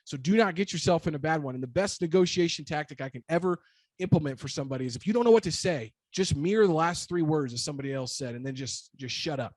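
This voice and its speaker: A man's voice: on the high side, fast, a little mellow, no room sound. A man, a real estate broker, giving emphatic motivational advice in short, punchy, repeated phrases. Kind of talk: energetic motivational talk.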